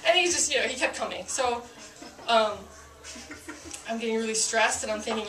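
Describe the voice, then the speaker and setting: A woman's voice: fairly high pitch, moderate pace, pauses often, reverberant, distant mic, background noise. A woman who is a police officer telling a story to a live audience, chatty and self-mocking with lots of fillers.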